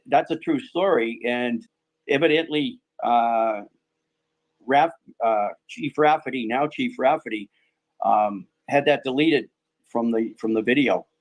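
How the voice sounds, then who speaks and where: A man's voice: mid-range voice, a little slow, rough recording. A man speaking as a guest in a casual podcast discussion, hesitant, with many ums and restarts.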